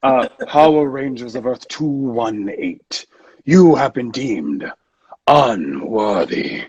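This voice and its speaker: A man voicing a pompous, entitled male villain who sounds tired of it all, in a slow, deep, disdainful drawl over a video call. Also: expressive, a little mellow, breathy edge, no room sound, highs cut off. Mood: contemptuous.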